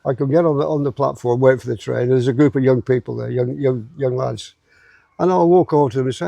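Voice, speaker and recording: A man's voice: mid-range voice, fast talker, vocal fry, warm tone, no echo, dull audio. A man, a guest in a casual chat who repeats words while he finds them. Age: 80s.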